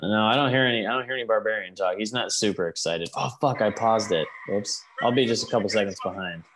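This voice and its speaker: A man's voice: on the low side, fast, a bit bright, a little hiss or hum. A man co-hosting a podcast, chatting loosely and cursing often as he watches along. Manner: loose, profane, jokey. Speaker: podcast co-host. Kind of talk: casual watch-along chat.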